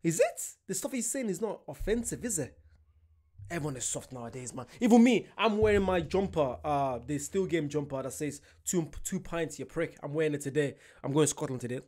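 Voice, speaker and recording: A young man hosting a casual reaction vlog, excitable and loud, often breaking into laughter. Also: fairly high pitch, brisk. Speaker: reaction vlogger.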